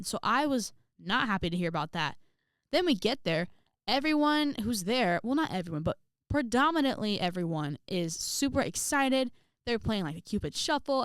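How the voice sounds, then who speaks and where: A sassy young woman recounts a story to her viewers, talking in an animated way and breaking into dramatic outbursts. Her voice sits at a middle pitch. The sound is dry and close, with no room around it. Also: clean tone, no room sound. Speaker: vlogger. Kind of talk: storytelling vlog.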